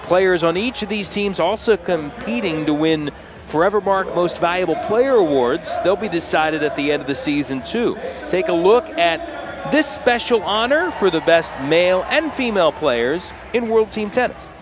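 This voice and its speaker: A man doing live play-by-play tennis commentary, brisk and informative. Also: high voice, animated.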